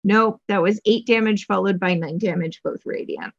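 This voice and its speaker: A woman's voice: medium pitch, normal speed, dull audio. A woman playing in a tabletop game, wry and playful as she reports her rolls. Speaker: player.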